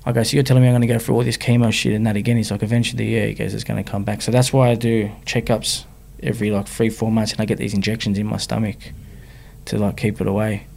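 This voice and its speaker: A man's voice: lowish voice, flat delivery, quick pace, gravelly, darkish tone, slight background noise. An Australian man, a rapper, frankly telling his personal story as an interview guest, in slangy speech that keeps checking in with the listener. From Sydney, Australia. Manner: frank, slangy, often adds "you know what I mean".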